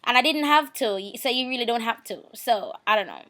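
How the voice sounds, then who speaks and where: A woman's voice: a little high, animated, fairly quick, bright, forceful tone. A woman, talking casually through a makeup tutorial, chatty and repeating herself. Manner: chatty, repeats herself, talks while working. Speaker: makeup vlogger.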